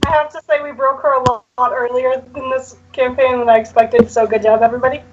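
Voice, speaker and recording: Teasing woman player, high voice, casual. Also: little pitch movement, fast talker, dull audio, a little hiss or hum. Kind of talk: casual tabletop game chat.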